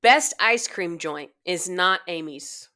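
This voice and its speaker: A woman's voice: fairly low pitch, expressive, takes it slowly, bright, forceful tone. A woman, a band director guest on a podcast, telling self-deprecating stories in a chatty way. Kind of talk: casual storytelling.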